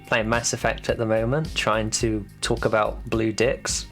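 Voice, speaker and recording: A man's voice: on the low side, level tone, measured pace, fairly bright tone, soft background music. Hesitant man interviewing on a stream. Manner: hesitant, full of ums and trailing phrases.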